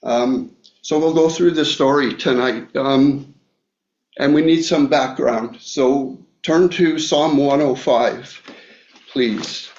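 A man preaching a Bible study sermon, talking slowly with many fillers and restarts. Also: mid-range voice, darkish tone. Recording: echoey room, dull lo-fi sound.

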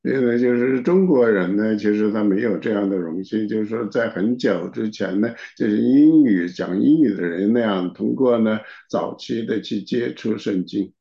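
Male interpreter, mellow dark voice, steady filler-laden delivery, muffled recording. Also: fairly low pitch, normal speed, gravelly, hardly any pauses. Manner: steady, with frequent filler particles. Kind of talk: interpreting a sermon. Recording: dull, echoey room recording.

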